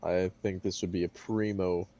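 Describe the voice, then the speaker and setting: A male player with a very low, mellow voice speaks in character, cool and deliberate. He sounds steady and sure of himself. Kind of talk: in-character tabletop play.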